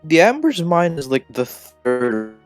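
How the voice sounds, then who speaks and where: A man playing a tabletop game, excitable and animated in casual chat. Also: fairly high pitch, a little slow, faint music behind. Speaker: player.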